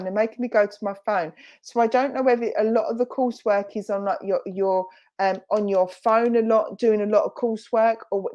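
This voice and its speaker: A woman's voice: fairly high pitch, darkish tone, dull audio. Romford woman doing medium readings on a video call, chatty and reassuring, lots of ums. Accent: Romford, Essex. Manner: chatty, reassuring, with frequent fillers and self-corrections. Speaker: spiritualist medium. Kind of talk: giving spirit messages in an online church service.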